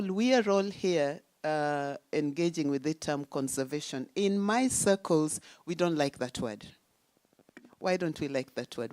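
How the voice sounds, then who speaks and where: Low-voiced woman giving a lecture. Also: darkish tone, no echo. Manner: lecturing, rhetorical questions, emphatic. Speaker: symposium speaker. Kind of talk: academic talk. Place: conference hall.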